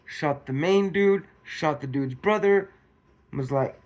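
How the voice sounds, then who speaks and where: A man's voice: fairly high pitch, takes it slowly. A man from Modesto, California, giving casual, slangy commentary on a news story and acting out scenes with swearing.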